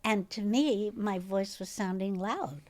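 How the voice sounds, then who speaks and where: An older actress with a distinctive, recognizable voice, telling stories as a podcast guest with frequent laughter. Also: female voice, mid-range voice, measured pace. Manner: lively, laughs often while telling stories. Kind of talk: casual interview storytelling.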